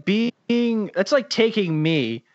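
A man's voice: sits high, lively intonation, slow. A man from Boston co-hosting a casual comedic movie podcast, riffing sarcastically with plenty of swearing. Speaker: podcast co-host. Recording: dull, dry lo-fi podcast audio.

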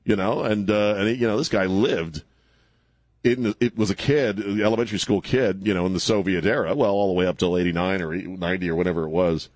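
A man's voice: low-pitched, brisk, darkish tone, no echo, clean studio sound. A man hosting a talk radio show, rambling and sarcastic, laughing at his own jokes. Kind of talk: casual talk radio banter.

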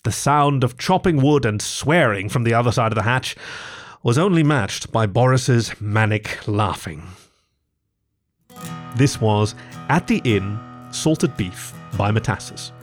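A man narrating a story for a podcast in a wry, dry manner. His voice sits at a middle pitch but rises and falls a great deal as he tells it. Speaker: story reader and podcast host.

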